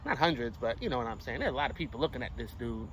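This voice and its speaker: Animated, cussing young man telling a story. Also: mid-range voice, very fast, slight background noise, rough recording. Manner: animated, profane street slang. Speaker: vlogger. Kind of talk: casual storytelling.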